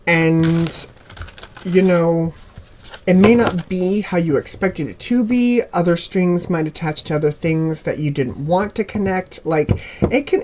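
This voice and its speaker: A man giving a casual tarot reading to camera in a relaxed, rambling way with frequent ums, his voice a little worn, recorded on a camera mic at home with birds heard behind him. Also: high voice, a little hiss or hum. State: slightly losing voice. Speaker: tarot reader. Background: birds chirping.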